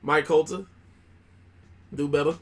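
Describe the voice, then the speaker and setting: A man's voice: a little high, fairly even intonation, a little slow. A man co-hosting a podcast, chatting casually and profanely with slang about TV shows. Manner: profane, laid-back, slangy. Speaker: podcast co-host. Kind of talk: casual chat.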